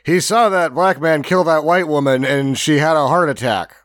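A man's voice: a little high, moderate pace, fairly bright tone, dry recording. Sarcastic man on a dry mic. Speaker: podcast co-host. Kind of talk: casual movie recap chat.

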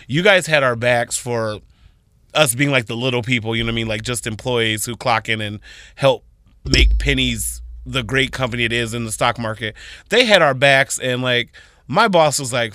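A man co-hosting a morning radio show, telling an animated story and jumping to high squeals when he retells things. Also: moderate pace, no room sound, clean studio sound. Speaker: radio co-host.

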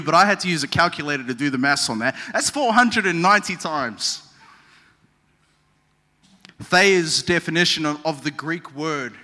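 A male pastor preaches in a bright, fairly high voice, talking conversationally and slipping in humor. He asks the congregation questions as he goes. The long reverb of a large church hall trails after each phrase. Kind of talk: sermon.

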